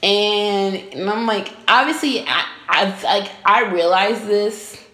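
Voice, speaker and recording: Animated young woman telling a story. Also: takes it slowly. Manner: animated, laughs often, acts out quotes in a higher voice. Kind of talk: casual storytelling chat. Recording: echoey room.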